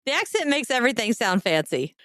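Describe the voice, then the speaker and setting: A woman's voice: on the high side, very animated, a little fast, a bit bright, no room sound. A woman from the Midwest co-hosting a casual podcast, giggly and enthusiastic, playfully exaggerating. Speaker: podcast co-host.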